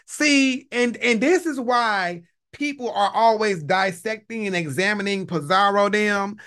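A man hosting a livestream, chatting in an animated, profane way and laughing often. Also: high voice, unhurried. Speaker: livestream host. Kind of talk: casual commentary chat.

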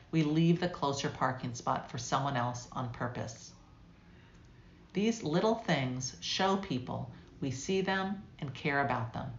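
Low-voiced woman reading a calm devotional. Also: roomy sound, dull audio, slight background noise. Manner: calm, reflective and measured. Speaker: guest devotional writer.

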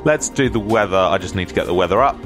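A man's voice: low voice, animated, fast talker, over music. A man hosting a casual radio show and reading the weather. He rambles with chatty, self-deprecating asides and sounds slightly stuffy from a cold.

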